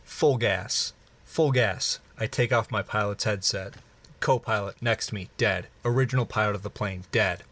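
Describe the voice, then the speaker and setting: A man's voice: on the low side, steady tone, brisk, sharp tone. Laughing man improvising a crude story. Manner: laughs often, joking and crude. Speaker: podcast co-host.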